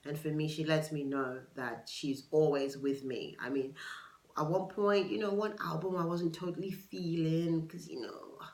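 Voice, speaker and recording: Recorded through a camera for her video podcast, this UK woman talks casually on her solo show and wanders into gossipy tangents. Her deep, darkish voice is fairly even in intonation at normal speed, and the poor audio is reverberant.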